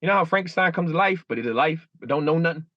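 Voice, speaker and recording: Animated man in his thirties, muffled. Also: very fast, no echo. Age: 30s. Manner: animated, acts out inner dialogue with shifting pitch. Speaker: guest. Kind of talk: candid interview talk.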